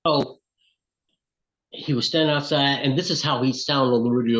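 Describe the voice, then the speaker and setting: A middle-aged man from Alabama with a Southern accent, telling lively stories as an interview guest. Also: mid-range voice, normal speed, long pauses, muffled recording. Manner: animated storyteller, acts out voices in quotes. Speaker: recording artist, interview guest. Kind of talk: storytelling in casual interview.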